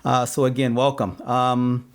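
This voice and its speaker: A man's voice: medium pitch, flat delivery, measured pace. A man hosting a solo podcast, chatting casually with lots of fillers and repeating his questions. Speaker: podcast host. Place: home in Phoenix, Arizona.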